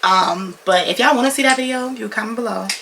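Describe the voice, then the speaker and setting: Gravelly young woman telling a storytime. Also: fairly high pitch, fairly quick, background noise. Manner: animated, slangy storytelling with lots of swearing. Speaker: vlogger. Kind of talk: casual storytime vlog.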